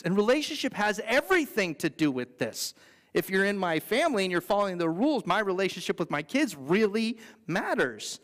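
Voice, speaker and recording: The pastor, a man with a high, light, slightly bright voice, gives an earnest and conversational sermon with playful asides, his delivery sing-song and fairly quick. Long reverb from the surrounding church sanctuary colors his voice.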